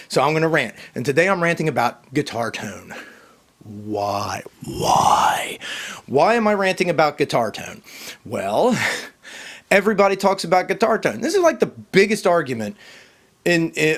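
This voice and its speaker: A man's voice: on the high side, fairly bright tone. A man ranting casually to camera, emphatic and rambling, often repeating himself. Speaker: vlogger. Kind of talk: casual opinion rant to camera.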